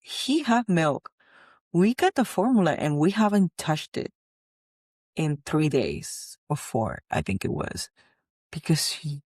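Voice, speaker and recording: A woman's voice: low voice, very animated, slow pace, pauses often, a little mellow, no room sound, studio quality. A woman, a mother, candidly retelling a personal struggle with many restarts. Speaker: vlogger, mother. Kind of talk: personal storytelling to camera.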